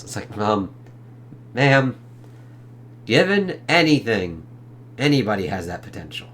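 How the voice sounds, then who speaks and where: A man's voice: on the low side, sing-song, unhurried, long pauses, fairly bright tone, slight background noise. A man giving a casual comic read-along review, laid-back, laughing and swearing as he goes.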